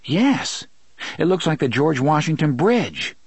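A man voicing a frightened, earnest young boy in a storybook reading, lifting his voice higher. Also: big pitch swings, measured pace, breathy edge, dry recording, full character voice. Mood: puzzled. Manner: raised boyish pitch, hushed when whispering.

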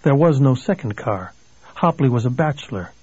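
A man reading an audiobook in a measured, steady storytelling manner with a husky voice. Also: mid-range voice, no room sound, muffled recording. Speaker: audiobook narrator.

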